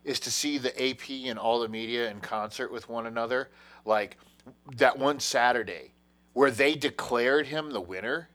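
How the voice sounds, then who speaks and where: A man in casual political chat, mocking and laughing along with quick asides. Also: medium pitch, a bit bright.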